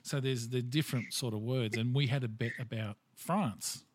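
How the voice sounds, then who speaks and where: A man's voice: mid-range voice, fairly even intonation, moderate pace, no echo. An Australian man chatting casually, telling rambling stories with lots of filler words. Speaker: conversation partner. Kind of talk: casual chat.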